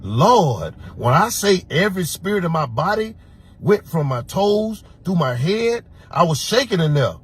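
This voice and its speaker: A man from Florida who works as a security officer, telling a personal story in an animated, emphatic way and acting out the lines he quotes. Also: sits high, moderate pace, breathy edge.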